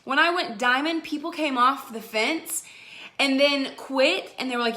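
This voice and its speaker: A young woman giving an energetic, emphatic motivational pep talk to her sales team, repeating her points for emphasis. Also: sits high, normal speed. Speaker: direct-sales team leader.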